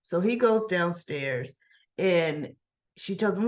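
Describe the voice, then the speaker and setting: A woman's voice: mid-range voice, big pitch swings, unhurried, lo-fi sound. A woman casually recapping a soap opera episode in a chatty way, acting out the characters' lines and often asking "right?".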